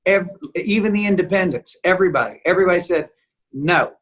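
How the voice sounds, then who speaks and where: A man being interviewed as a guest songwriter, telling an animated story and acting out the dialogue. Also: high voice, a little fast. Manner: lively storyteller who acts out quoted dialogue. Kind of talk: animated storytelling in casual chat.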